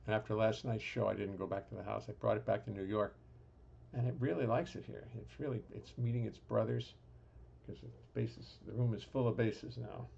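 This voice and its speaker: A man's voice: lowish voice, steady tone, a little fast, gravelly, a little mellow, slightly rough, lo-fi sound. A man hosting a live stream from his home music studio, chatting casually with dry humor and rambling restarts. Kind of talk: casual chat.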